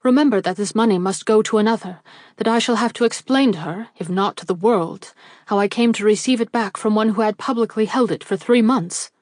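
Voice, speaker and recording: A woman voicing a grieving, formal gentleman who speaks in a measured way. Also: medium pitch, no room sound, studio quality, close to an everyday voice. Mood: grave.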